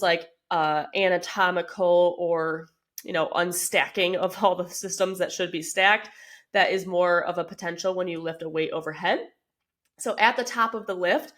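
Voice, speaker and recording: A woman in her thirties hosting a podcast, explaining things in a casual, chatty way with many "like" and "um" fillers. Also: fairly low pitch. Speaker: podcast host, fitness coach.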